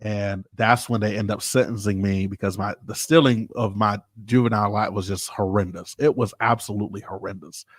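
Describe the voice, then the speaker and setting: A man and pastor telling a personal story casually, animated and informal, acting out the people he quotes. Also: lowish voice, a little fast, hardly any pauses, no echo, studio quality.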